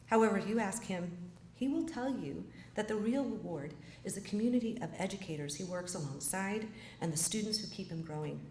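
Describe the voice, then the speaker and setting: A woman introducing a speaker at a ceremony, reading a scripted introduction in a measured, formal way. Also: mid-range voice, animated, a little mellow. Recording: echoey hall with faint noise.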